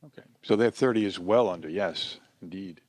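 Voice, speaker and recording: A man's voice: low-pitched, a little fast, darkish tone, no room sound. A man co-hosting a home-building podcast, chatting casually and asking curious questions. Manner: curious, agreeable, asks questions. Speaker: podcast co-host.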